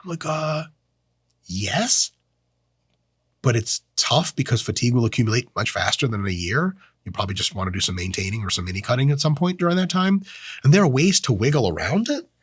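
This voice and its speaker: In a clean studio recording with no echo, a fitness channel host gives a joking, swear-filled, animated lecture about training and diet. He talks fast at a medium pitch with a breathy edge, keeping it casual and educational.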